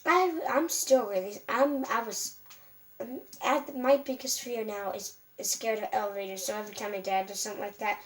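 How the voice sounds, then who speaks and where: A female vlogger rambles through a casual storytime, restarting sentences and filling gaps with lots of fillers. Her voice is mid-range at a normal speed, picked up from a distance over a faint background hum.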